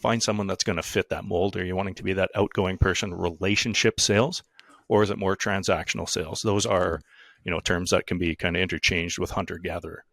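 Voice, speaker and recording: A man's voice: deep voice, steady tone, brisk, vocal fry, a bit bright, no room sound. A man co-hosting a business podcast in casual chat, thinking aloud with fillers and dropping dry teasing quips. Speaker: podcast co-host.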